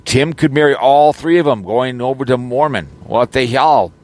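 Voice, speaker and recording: A man's voice: medium pitch, moderate pace, a little mellow. A man rambling casually in an audio vlog, joking around with lots of fillers and false starts, recorded in his car. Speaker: YouTuber.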